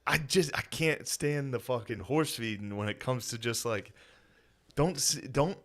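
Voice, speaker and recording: A man's voice: mid-range voice, unhurried. An American man in his thirties co-hosting a comedy podcast, telling family stories in a loose, profane way and acting out the people in them. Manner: animated, swears a lot, acts out family members' voices. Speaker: podcast co-host. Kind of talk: casual comedic storytelling.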